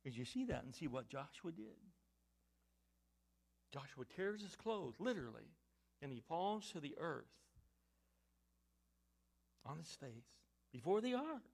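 A man preaching a sermon, firing rhetorical questions and swinging between loud emphatic lines and hushed ones. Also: sits high, gravelly.

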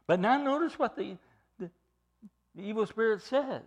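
A man's voice: sits high, expressive, normal speed, lo-fi sound. A man preaching an expository sermon as pastor, earnest and emphatic, often repeating and restarting his phrases.

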